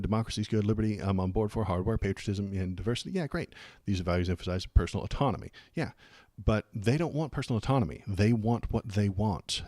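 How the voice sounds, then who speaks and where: A man hosting a live political stream rambles through his reactions in a low voice, with sarcastic asides and muttered curses. The sound is close and dry, with no room echo at all. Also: mellow. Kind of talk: casual political commentary and reaction.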